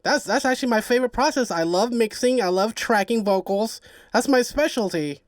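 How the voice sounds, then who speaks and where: A man's voice: very high voice, lively intonation, brisk, no echo, studio quality. A man hosting a podcast, asking questions in an upbeat, encouraging way. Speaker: podcast host. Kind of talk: casual interview chat.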